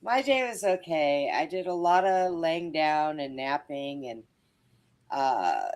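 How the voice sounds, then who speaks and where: A woman's voice: deep voice, lively intonation, slow, darkish tone. A middle-aged woman co-hosting a podcast in casual chat, chatty and teasing, laughing often. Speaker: podcast co-host.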